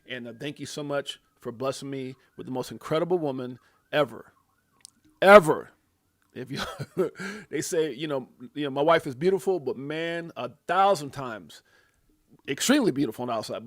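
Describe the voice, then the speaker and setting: A middle-aged man from Brooklyn hosting a live crypto market show, talking in excitable bursts with slang and lots of repeats. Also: medium pitch, dry recording, studio quality. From Brooklyn, USA. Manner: excitable, loud bursts of hype, slang, frequent repeats and laughs. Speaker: host.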